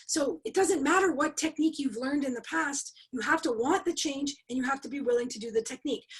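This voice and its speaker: A middle-aged woman with a high, slightly husky voice teaches over a video call. She talks in an emphatic, animated way, firing rhetorical questions at her webinar audience. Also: poor audio. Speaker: leadership coach and trainer.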